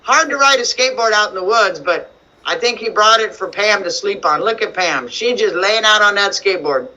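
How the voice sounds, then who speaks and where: A woman teaching young children to read over a video call, animated and coaxing, full of questions. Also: medium pitch, brisk, poor audio. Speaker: kindergarten teacher. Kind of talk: online reading lesson for young children. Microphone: computer mic on video call.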